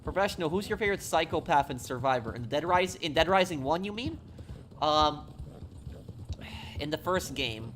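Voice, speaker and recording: A man's voice: on the high side, animated, normal speed, pauses often, fairly bright tone, a little hiss or hum. Rambling male streamer from New York. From New York, USA. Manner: rambling, apologetic, talks over gameplay. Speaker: live streamer. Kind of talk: casual live-stream chat answering viewers.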